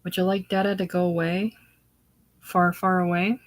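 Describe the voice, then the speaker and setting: A woman voicing a despondent young farmer, gentle and tired, speaking in a soft, subdued, deep-set voice. A solo play reading, low and quiet throughout. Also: little pitch movement, moderate pace, natural voice. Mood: gloomy gentle.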